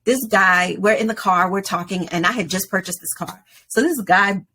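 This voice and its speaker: A woman in her forties, a podcast guest, telling a personal story in an animated way. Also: mid-range voice, moderate pace, slight background noise. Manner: animated storyteller, acts out quoted voices.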